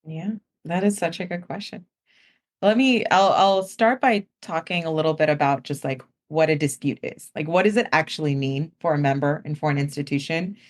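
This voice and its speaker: A woman guest speaks with a slightly lower voice. She explains in an easy, conversational way, with lots of "like", and slips into the voices of worried customers as she goes. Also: moderate pace. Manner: casual, heavy use of "like", acts out customers' words. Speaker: guest, company founder.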